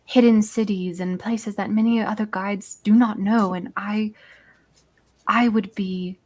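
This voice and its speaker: A woman's voice: medium pitch, fairly even intonation, unhurried, a little mellow, lightly acted. A woman voicing a gracious female jungle guide, speaking formally in a put-on British accent. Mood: courteous. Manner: courteous, formal phrasing.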